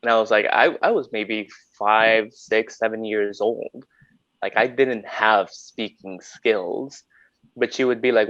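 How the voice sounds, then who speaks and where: A man's voice: fairly low pitch, steady tone, measured pace, fairly bright tone, dry recording. Playful man from Honduras chatting. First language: Spanish. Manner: playful, fond of putting on voices. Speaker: podcast guest. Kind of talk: casual chat. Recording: dull dry lo-fi audio.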